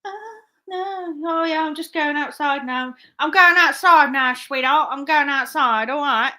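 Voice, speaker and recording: A woman's voice: sits high, unhurried, sharp tone, pitched above the performer's own voice. A woman playing a melodramatic soap-opera character stepping outside, in an exaggerated sing-song way. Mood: theatrical.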